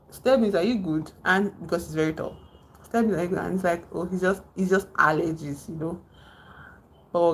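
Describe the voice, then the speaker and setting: A woman's voice: on the low side, a little hiss or hum. A woman hosting a casual livestream, reading and answering chat while rambling and repeating herself. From Nigeria. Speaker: livestream host.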